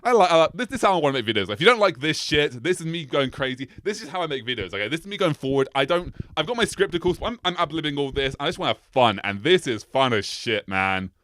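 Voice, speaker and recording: A man's voice: quick pace, hardly any pauses, dry recording. A man hosting an anime explainer video, ad-libbing off his script, going on tangents and laughing as he talks. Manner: tangent-prone, laughs often, animated swings in pitch. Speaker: anime video essay host. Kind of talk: rambling, ad-libbed commentary.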